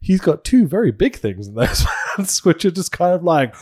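Man, podcast co-host, swears a lot, laughs often, slightly higher voice, very lively pitch. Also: moderate pace. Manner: swearing, laughing, animated recapping. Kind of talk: casual chat.

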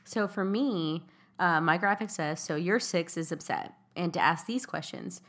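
A young adult woman co-hosting a casual chat, candid and quick, often laughing. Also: fairly low pitch, a bit bright. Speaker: podcast co-host.

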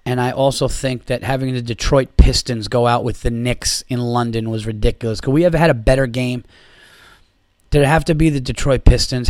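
A man's voice: medium pitch, no echo. A man hosting a podcast, ranting about sports in a sarcastic, profane way. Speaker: podcast host. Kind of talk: casual sports rant.

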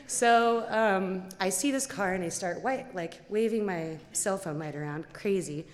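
A young woman telling a story live to an audience, animated, full of "like" and "um", and acting out the quotes. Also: mid-range voice, a little slow, in a large hall. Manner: animated, lots of "like" and "um", acts out quotes. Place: stage before an audience.

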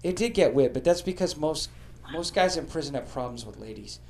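High-voiced man telling profane history jokes. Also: animated, brisk, darkish tone. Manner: profane, joking delivery. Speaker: podcast host. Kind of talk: comedic history storytelling.

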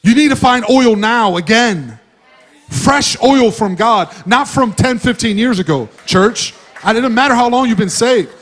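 High-voiced man preaching a lively sermon. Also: unhurried. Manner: conversational preaching, swinging between loud emphasis and soft asides. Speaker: pastor. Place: church.

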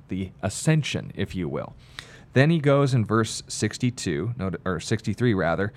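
A man's voice: fairly low pitch, animated, normal speed, a little mellow. A man leading a Bible study discussion, reading scripture aloud with pointed emphasis and then explaining it. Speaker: Bible teacher.

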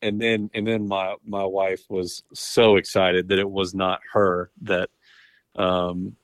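A laid-back man in his thirties calls in as a guest on a sports radio show. His voice is very low and flat, with a dry sound, and he tells his stories easily. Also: takes it slowly, no echo. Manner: laid-back, easygoing storytelling. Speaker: guest athlete on the phone. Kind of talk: casual radio interview.

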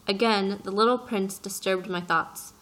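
A woman narrating a chapter of a story aloud, in a measured, gentle manner. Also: mid-range voice, steady tone, rough recording. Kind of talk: audiobook narration.

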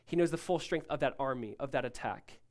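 A male pastor preaching a sermon, emphatic and rising loud, then dropping to a hushed tone, often asking listeners to follow along. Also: medium pitch, brisk. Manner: asks the congregation to follow along.

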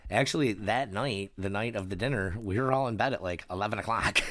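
A man's voice: lowish voice, brisk, a bit bright. A man chatting casually, telling a trip story with frequent laughs and swearing. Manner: laughing storyteller, swears freely, acts out quotes. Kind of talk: casual chat.

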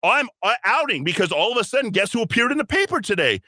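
Male talk radio host, high bright voice, dry close sound, combative and mocking monologue. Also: big pitch swings, quick pace, dry recording.

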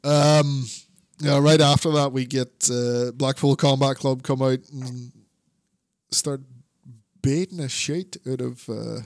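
A man's voice: medium pitch, fairly even intonation, slow, no echo, studio quality. A man co-hosting a podcast, chatting casually and rambling about wrestling, swearing and laughing often. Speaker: podcast co-host.

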